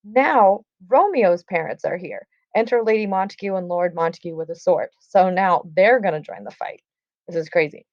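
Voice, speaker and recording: A woman's voice: lowish voice, normal speed, a little mellow, no echo. Casual woman teacher explaining a play. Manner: casual, chatty explanations with reading aloud. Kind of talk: classroom lesson, reading and paraphrasing a play. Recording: dull, dry lo-fi recording.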